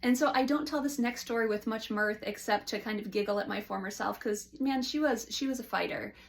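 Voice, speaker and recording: A woman's voice: fairly high pitch, brisk, vocal fry, a little hiss or hum. A woman who is a licensed counselor, talking casually and frankly to camera from her counseling office.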